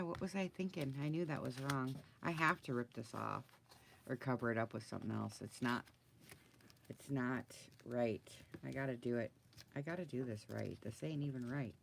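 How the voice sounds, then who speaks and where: A woman's voice: very deep voice, creaky, a little hiss or hum. A woman crafter talking casually through her project, muttering to herself and getting flustered. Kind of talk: casual crafting video talk.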